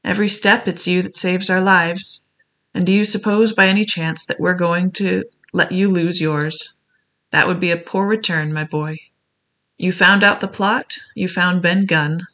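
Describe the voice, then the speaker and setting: A reader doing a stern, kindly ship's doctor. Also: male voice, high-pitched, fairly even intonation, a little slow, full character voice. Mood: earnest. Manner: gentlemanly, earnest speech.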